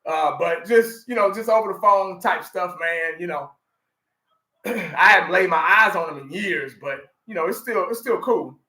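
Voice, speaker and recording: Guy rambling to his viewers, kinda high bright voice, echoey room. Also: moderate pace. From Texas. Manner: rambling, restarts a lot, addresses viewers. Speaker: fan channel host. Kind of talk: casual chat.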